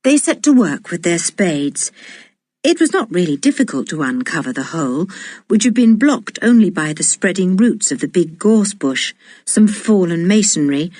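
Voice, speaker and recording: A woman reading a children's adventure audiobook aloud in a slow, deliberate and expressive way. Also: fairly low pitch, no room sound, studio quality. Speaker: audiobook reader. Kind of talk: storybook narration.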